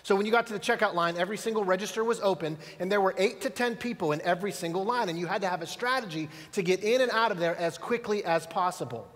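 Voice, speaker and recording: High-voiced pastor in a reverberant hall. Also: male voice, fast, hardly any pauses, fairly bright tone. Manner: storytelling, conversational, asks the audience. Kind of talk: sermon. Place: church auditorium.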